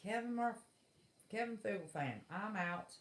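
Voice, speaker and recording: In an echoey room, a middle-aged West Virginia woman runs a casual livestream rant with blunt, folksy exasperation. She speaks at medium pitch, animated but at a measured pace.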